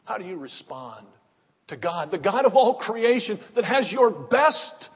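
A man preaching a sermon, swinging between loud emphatic rises and hushed drops. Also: high-pitched, sing-song, unhurried, husky, big-room sound, lo-fi sound. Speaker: pastor.

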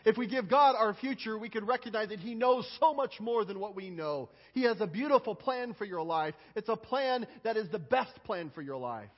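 A high-voiced, husky man preaches to children in a large church, coaxing them with question after question and restarting his sentences. The sound is dull and lo-fi, with a long hall echo behind his voice. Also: lively intonation, normal speed, few pauses. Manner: coaxing, asks many questions, repeats words at starts. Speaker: pastor. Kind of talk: children's sermon with audience questions.

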